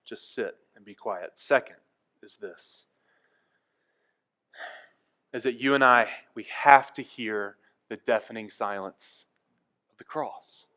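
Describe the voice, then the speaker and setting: Male pastor, sermon delivery, mid-pitched voice, drops to a hush then builds to loud emphasis. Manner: swings from quiet and hushed to loud and emphatic. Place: church.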